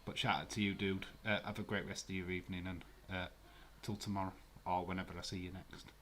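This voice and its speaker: Chatty man, low voice. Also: little pitch movement, fast, fairly bright tone, slight background noise. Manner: chatty, swears freely, laughs while reading out viewer comments. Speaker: live-stream host. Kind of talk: casual live watch-along commentary.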